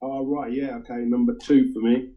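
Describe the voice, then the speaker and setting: A man's voice: mid-range voice, level tone, normal speed. A man co-hosting a casual music chat, talking enthusiastically about records with frequent ums and hesitations. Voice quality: hesitant, many ums and uhs. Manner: enthusiastic record collector talk. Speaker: co-host sharing record picks. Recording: dull lo-fi sound.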